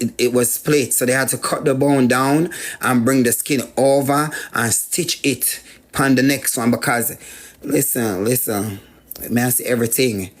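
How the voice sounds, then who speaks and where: A man with a Jamaican accent tells a personal story as a guest, repeating phrases for emphasis. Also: mid-range voice. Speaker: guest sharing life story.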